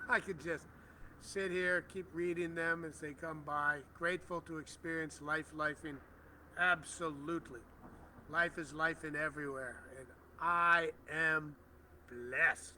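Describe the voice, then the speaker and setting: A middle-aged man hosting a prayer livestream outdoors, speaking gentle, reverent affirmations as he reads viewers' comments aloud over a phone. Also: on the high side, steady tone, moderate pace, slight background noise. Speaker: spiritual livestream host.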